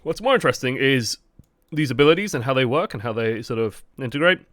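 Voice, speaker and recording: A man streaming and chatting casually about a game, animated and full of "like" fillers. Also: medium pitch, fast talker, no room sound, studio quality. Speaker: gaming streamer. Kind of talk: casual gaming chat.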